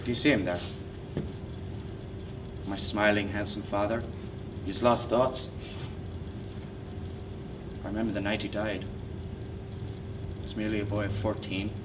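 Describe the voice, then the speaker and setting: A man's voice: fairly low pitch, fairly even intonation, moderate pace, long pauses, close to an everyday voice. A man playing a brooding, bitter man. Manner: intense, brooding, often hushed. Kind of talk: stage play acting. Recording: distant mic with noisy hiss.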